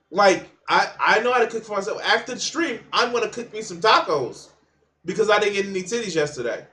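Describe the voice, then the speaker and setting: A man with a fairly high-pitched voice talks through clips on his stream in a blunt, profane way. He trails off and restarts his thoughts as he goes. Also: fairly bright tone. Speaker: livestream host reacting to videos. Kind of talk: casual reaction commentary.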